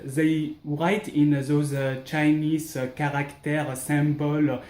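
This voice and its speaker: Give me a man playing a pompous mock-friend, halting and groping for words. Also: a little high, little pitch movement, a little mellow, echoey room.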